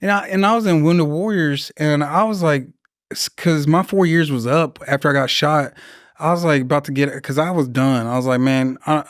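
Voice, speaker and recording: A man's voice: mid-range voice, clear, resonant tone, no echo, clean studio sound. A man in his thirties, a Marine veteran guest on a podcast, telling rambling, profane war stories and acting out the people he quotes. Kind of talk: casual storytelling interview.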